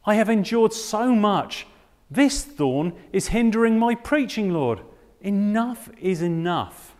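Man acting as anguished apostle, pleading prayer, lively swooping pitch, long hall reverb. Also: measured pace.

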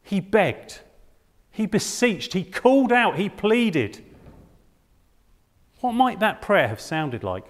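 Male preacher, sermon, lively emphatic delivery, fairly high voice, reverberant hall. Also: takes it slowly, long pauses. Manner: dramatic, emphatic, with rhetorical questions.

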